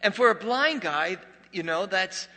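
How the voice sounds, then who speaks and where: A man preaching a sermon as pastor, a joking, conversational storyteller who drops to a hush for dramatic moments. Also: high-pitched, expressive, unhurried, in a large hall.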